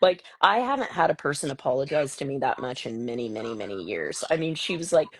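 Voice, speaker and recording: Low husky woman telling a story. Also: fast talker, dry recording, rough recording. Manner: animated storytelling with voiced quotes. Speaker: host; mother telling a story about her son. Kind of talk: casual live-stream chat.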